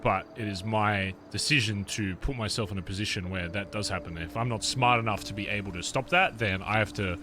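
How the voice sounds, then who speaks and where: A man's voice: fairly low pitch, brisk, hardly any pauses. A man chatting in character during a game roleplay stream, talking frankly and swearing freely. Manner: frank, swears freely, slips into quoted voices. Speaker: roleplayer voicing his character.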